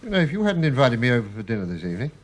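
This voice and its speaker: An actor playing a tired, polite government official exasperated by a family quarrel. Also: male voice, medium pitch, very animated, rapid-fire, noisy background, natural voice. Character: weary, upright naval civil servant.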